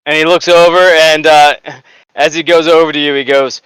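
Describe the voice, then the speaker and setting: Brief: male game master, slightly high, smooth voice, dry close sound, chatty narration. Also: moderate pace, no room sound, poor audio. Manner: lively storytelling with frequent fillers and laughs.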